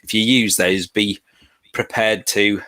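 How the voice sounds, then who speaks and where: A man runs a live revision lesson, his voice sitting fairly low. He talks in a chatty, easygoing way and laughs off his own doubts about how to say names. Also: steady tone, takes it slowly, bright, forceful tone. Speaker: revision session presenter.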